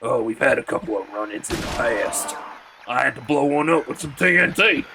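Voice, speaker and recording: A man's voice: mid-range voice, expressive, moderate pace, vocal fry, background noise. A man putting on a drawling southern hick soldier. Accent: put-on American Southern. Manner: exaggerated drawl, silly parody.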